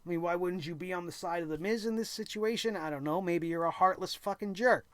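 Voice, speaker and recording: A man's voice: high voice, fast talker, no room sound. A man hosting a wrestling show, recapping the episode in a sarcastic, exasperated rant and mocking the wrestlers now and then. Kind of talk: opinionated recap commentary.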